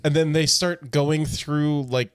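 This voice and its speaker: A man's voice: on the high side, steady tone, slow, clear, resonant tone, dry recording, studio quality. A man co-hosting a casual podcast, joking and acting out scenes while he tells them. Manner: joking storyteller, acts out movie lines. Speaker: podcast co-host. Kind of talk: casual chat.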